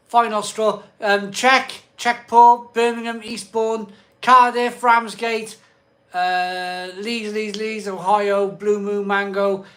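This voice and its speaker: Middle-aged stream host, high and bright, casual and jokey, lists names quickly. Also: male voice. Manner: chatty, rattles off place names in a quick list; swears mildly, jokey banter with viewers. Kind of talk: casual live stream chat, reading out viewer comments.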